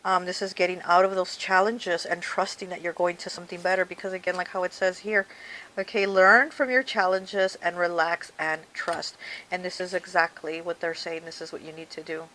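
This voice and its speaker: A woman's voice: fairly low pitch, level tone, fairly quick, fairly bright tone, poor audio. A woman doing a casual tarot card reading, talking straight to the viewer in a chatty way and often saying "okay" and "you know.". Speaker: tarot reader.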